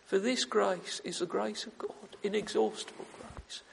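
A fervent male preacher with a very high, gravelly voice, repeating his phrases and breaking into impassioned "oh"s. His sermon rings with the long reverb of a large church hall. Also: steady tone, unhurried, a bit bright, a little hiss or hum. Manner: fervent, repetitive, with emphatic "oh" exclamations.

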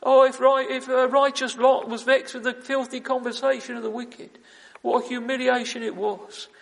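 Male preacher, very high gravelly voice, fervent and repetitive, reverberant church hall. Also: flat delivery, normal speed, a bit bright. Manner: fervent, repetitive, with emphatic "oh" exclamations. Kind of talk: sermon. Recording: long reverb of a large hall.

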